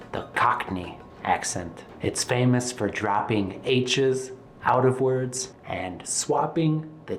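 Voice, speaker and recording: A man giving a casual, playful video lesson with jokey asides. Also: fairly low pitch. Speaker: English teacher. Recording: roomy echo.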